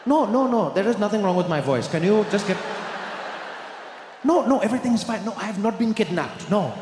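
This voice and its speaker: A man putting on a strained fake phone voice. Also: lively intonation. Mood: flustered. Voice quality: strained high disguised voice. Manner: hurried, evasive, insistent. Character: man faking a strange high voice on the phone, flustered. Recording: echoey hall with crowd noise.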